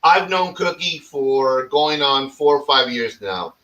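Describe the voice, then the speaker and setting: A man hosting a podcast in casual, profane chat, animated and mock-dramatic, swearing freely. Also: mid-range voice, slow, far from the mic, rough recording. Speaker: podcast host.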